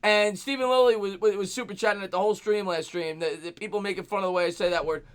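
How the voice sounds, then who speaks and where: A man with a notably high voice hosts a live sports reaction stream. He calls each play with rising excitement and shouts at the big moments. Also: quick pace, smooth. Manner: excitable, shouts at big plays, reads donations aloud. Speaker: host of a sports reaction livestream.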